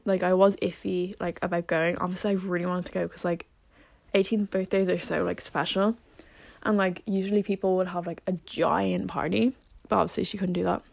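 A teenage girl talks straight to camera in a loose, rambling vlog voice, full of fillers and self-mocking asides. Her pitch sits in an ordinary middle range. The sound is dry and close, with no room echo. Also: gravelly. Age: late teens. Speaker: vlogger. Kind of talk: casual chat to camera.

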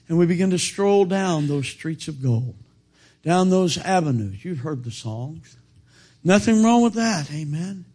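Male preacher, high voice, big swings in pitch, asks for amens and quotes old scripture. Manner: quotes King James scripture, calls for amens; halting restarts, rises to loud emphatic peaks. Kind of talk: sermon.

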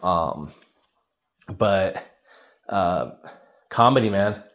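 A man's voice: sits low, drawn-out words. A young man hosting his own podcast, telling comic stories in a rambling, self-mocking way and acting out what people said. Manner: rambling, animated, self-mocking, acts out quotes. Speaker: podcast host. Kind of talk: solo comedic storytelling podcast. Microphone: cheap podcast microphone.

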